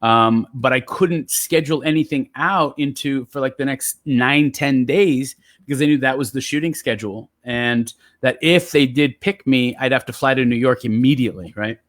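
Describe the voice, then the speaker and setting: A man telling stories in relaxed, casual chat as a guest poet, with lots of fillers. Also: medium pitch, normal speed, no echo, clean studio sound. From San Jose area. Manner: relaxed, chatty storyteller with many fillers.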